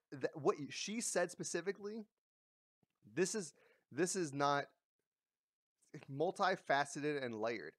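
A man vents in a casual commentary, blunt and mocking with plenty of swearing. His voice sits a little high, and it is recorded dry and close with no room sound. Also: no room sound. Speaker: commentary vlogger. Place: lives in a big coastal city.

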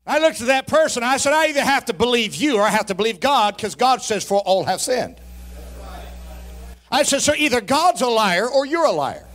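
A man's voice: very high-pitched, lively intonation, moderate pace. A man preaching a sermon in a church, calling for responses from the congregation and throwing in folksy, humorous asides. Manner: preaching with shouted peaks and call-and-response. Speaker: pastor. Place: church sanctuary.

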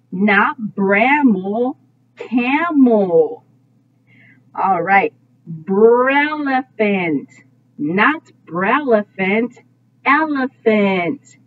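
A kindergarten teacher, a woman, leads a phonics lesson at a very slow, deliberate pace, stretching out each sound. Her mid-pitched voice comes through thin and tinny, like a phone line. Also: a little hiss or hum. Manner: slow, drawn-out sound modeling with frequent praise. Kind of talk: phonics lesson for young children.

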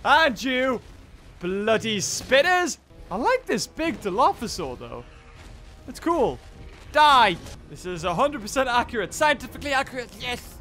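High-voiced excitable gaming man. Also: a little slow, soft background music. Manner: playful, laughs and yelps at the game. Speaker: gaming video host. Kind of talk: excitable gameplay commentary.

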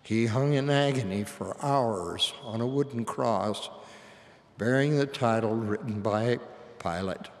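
An older man preaching a sermon to a large assembly in a slow, solemn and reverent way. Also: mid-range voice. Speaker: church leader. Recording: long hall reverb.

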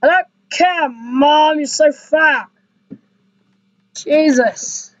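A woman's voice: high voice, extremely slow, no echo. A woman voicing a rude, bratty young son who sulks and insults his mother in a homemade comedy skit. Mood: defiant. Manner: sulky and insulting, flat dismissive retorts. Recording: dull, dry, lo-fi recording.

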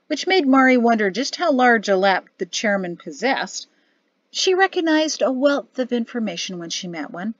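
A woman's voice: on the high side, no echo. Woman narrating an audiobook, dry and muffled. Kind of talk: scripted narration.

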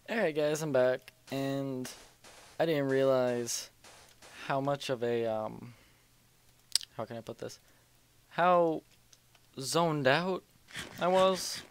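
A man's voice: mid-range voice, a little hiss or hum. A young man casually commentating his gameplay at home, rambling, joking and muttering to himself as he plays. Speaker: let's play host. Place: home room at night.

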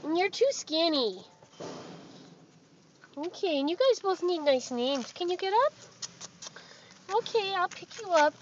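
A woman's voice: extremely high pitch, animated, a little slow, long pauses. A woman rescuing dogs, talking to them in a cooing, affectionate pet voice. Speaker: dog rescuer. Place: animal shelter and car. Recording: muffled lo-fi camera audio with noise.

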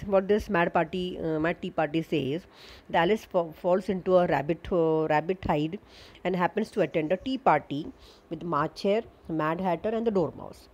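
A woman's voice: lowish voice, a little mellow, rough recording. Indian woman teacher explaining a story. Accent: Indian English. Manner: repeats lines, explains word meanings with frequent fillers. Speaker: school English teacher. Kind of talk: reading aloud and explaining a story lesson to children.

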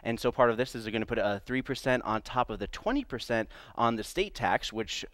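A male morning-show host reads through local news in a small studio, pausing often on fillers. The sound is dry and close. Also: mid-range voice, expressive, fairly bright tone, no room sound. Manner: halting, many filler pauses.

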